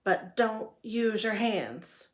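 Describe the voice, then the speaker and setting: A woman voicing an eager, goofy young boy frog in a storybook read-aloud, with high, squeaky exclamations. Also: lively intonation, drawn-out words. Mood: singsong.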